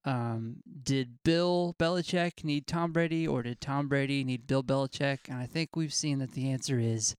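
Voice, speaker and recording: A man's voice: medium pitch, normal speed, few pauses, smooth, no room sound. A man with dry, wry humor in a casual podcast chat.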